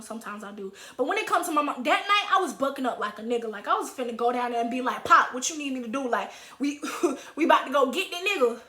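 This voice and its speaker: A young woman in her twenties telling a story in a casual vlog, animated and dramatic, with acted quotes. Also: high voice. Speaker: vlogger. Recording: roomy echo.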